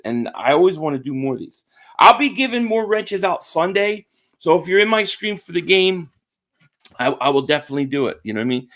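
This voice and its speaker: Chatty high-voiced man streaming sports talk. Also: fairly bright tone. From Philadelphia area. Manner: chatty, repeats himself, reads chat names aloud. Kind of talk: casual live-stream chat.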